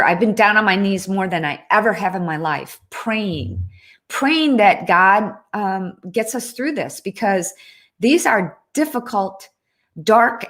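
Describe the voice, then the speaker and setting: With a slightly bright, mid-range voice, a woman runs a casual livestream. Her chat is earnest, she reads out comments from viewers, and she regularly breaks off and begins again.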